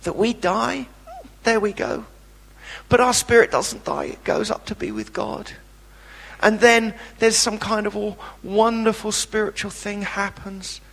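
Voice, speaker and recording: A man's voice: high-pitched, unhurried, creaky, a bit bright. A man preaching a sermon, impassioned and emphatic with blunt everyday turns of phrase. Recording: reverberant hall.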